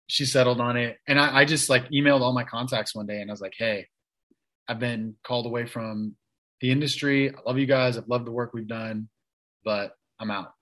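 Male guest, 30s, mid-pitched, loose chatty storyteller with frequent fillers and restarts. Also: fairly even intonation, a little fast, bright, forceful tone, low-quality recording. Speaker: interview guest. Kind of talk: casual storytelling.

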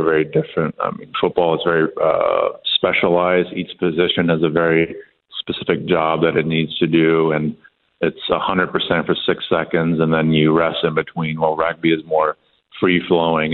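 A young man with an American accent whose first language is Afrikaans, answering questions as a guest athlete in a relaxed, friendly way. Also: low voice, phone-quality sound. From South Africa.

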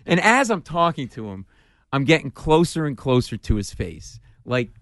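A man, a stand-up comedian, telling a story in an animated way, acting out the voices and shrieking at the funny parts. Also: medium pitch, normal speed, no room sound, clean studio sound. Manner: acts out dialogue, mimics screams, self-deprecating.

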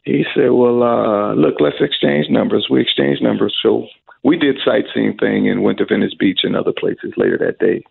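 A middle-aged man with a deeply gravelly, husky voice tells stories as an interview guest. He acts out the voices he quotes. The sound is thin and phone-like. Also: moderate pace. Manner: lively storyteller who acts out quoted voices. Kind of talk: storytelling in an interview. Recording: tinny phone-line sound.

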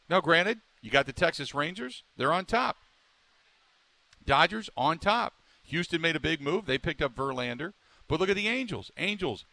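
Male sports radio host, excitable and rambling, bright, slightly high voice, dry close mic. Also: no echo. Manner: excitable, rambling, emphatic with lots of restarts. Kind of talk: sports talk radio monologue.

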